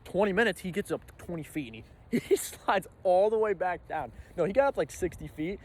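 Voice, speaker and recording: A young man telling a casual storytime vlog, animated and acting out his own panicked reactions. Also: high voice, a little fast, husky. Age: young adult. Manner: animated, acts out his own reactions with sudden loud bursts. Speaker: storyteller vlogger.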